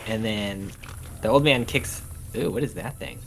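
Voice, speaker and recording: Lower-voiced man retelling a joke. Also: unhurried, slight background noise. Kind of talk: casual chat retelling a joke.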